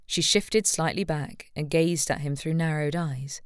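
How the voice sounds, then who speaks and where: A woman with a notably low voice reads an audiobook romance as narrator. Her delivery is calm and even, recorded close with a dry, deadened sound. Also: moderate pace, hardly any pauses, no room sound. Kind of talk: scripted narration.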